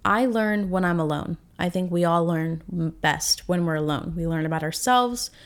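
A woman's voice: lowish voice, normal speed, smooth. A woman in her twenties hosting a solo podcast, talking in a candid, rambling, emotional way, full of fillers and restarts. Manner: emotional and reflective. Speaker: podcast host. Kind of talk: casual solo podcast monologue.

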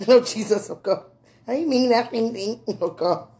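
Lady talking slow to the camera, kinda high voice, giggles all the time, calls someone sweetie. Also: mellow. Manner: laughs often, loose slangy talk; affectionate, addresses a loved one. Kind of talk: casual talk to camera.

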